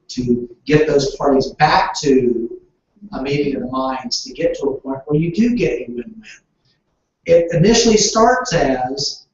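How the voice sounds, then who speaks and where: A man training real estate agents in negotiation, asking the room questions and waiting for answers. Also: fairly high pitch. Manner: asks the room questions, then waits. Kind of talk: training session talk. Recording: echoey room, distant dull mic.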